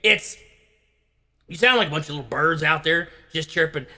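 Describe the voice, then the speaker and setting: A man doing a parody impression of a bombastic radio host, with a gravelly, raspy voice, blustering and bursting into shouts between halting, filler-heavy stretches. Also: a little high, exaggerated voice. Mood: ranting. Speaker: comedian doing a parody rant. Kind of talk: comedic impression rant.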